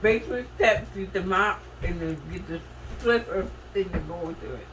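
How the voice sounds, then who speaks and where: A woman's voice: lowish voice, normal speed, background noise. A woman in a family home giving others directions about chores.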